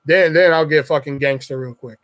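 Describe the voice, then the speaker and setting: A young man with a fairly high voice tells his work stories in a loose, profane ramble. He slips in and out of quick voices for callers and coworkers as he goes. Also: fairly bright tone. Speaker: pizza shop worker telling stories. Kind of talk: casual profane storytelling.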